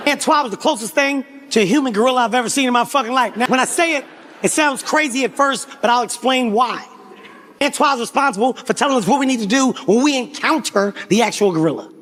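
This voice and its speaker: High-pitched, animated male comedian. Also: big-room sound. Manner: animated, profane, often shouting. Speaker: stand-up comedian. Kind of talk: stand-up storytelling. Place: comedy stage before an audience.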